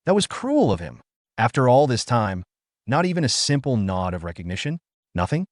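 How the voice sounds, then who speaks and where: A man's voice: mid-range voice, sing-song, brisk, no echo, studio quality, natural voice. A man voicing a frustrated young man from a comic recap, speaking emphatically in a raised voice. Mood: hurt. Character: frustrated young man, bitter then resolute.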